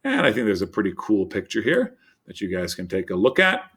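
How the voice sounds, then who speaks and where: A man with a lowish voice gives a recorded vocabulary lesson. He explains in an upbeat, teacherly way and reads word lists out slowly, one word at a time. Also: wildly swooping pitch, a bit bright, breathy edge. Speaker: Spanish teacher.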